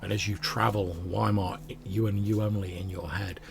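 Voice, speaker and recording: A man's voice: fairly low pitch, little pitch movement, normal speed, gravelly, noisy background. A man running a tabletop game as game master, narrating casually with many fillers.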